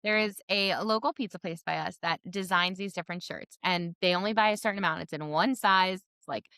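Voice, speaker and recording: A woman's voice: on the low side, brisk, sharp tone, clear, resonant tone, dry recording, studio quality. A woman hosting a podcast, chatting and telling a family anecdote with quoted dialogue. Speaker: podcast host. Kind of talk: podcast conversation.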